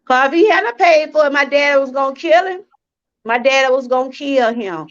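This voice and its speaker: A woman's voice: sits high, lively intonation, moderate pace, muffled recording. A woman from Georgia, hosting a live-stream testimony talk, earnest and repeating herself as she speaks straight to her viewers. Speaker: channel host.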